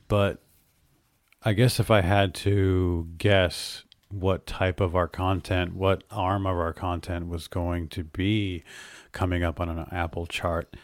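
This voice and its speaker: A man's voice: low voice, no room sound. A middle-aged man co-hosting a podcast, teasing his co-host and reading upbeat promos. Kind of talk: casual podcast chat.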